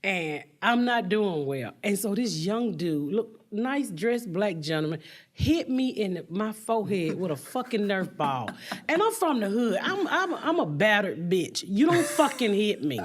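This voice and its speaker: A woman's voice: mid-range voice, unhurried, slight background noise. A woman comedian telling candid stories in an interview, swearing freely and laughing as she goes. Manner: animated, profane, laughs through stories, acts out voices loudly. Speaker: comedian guest.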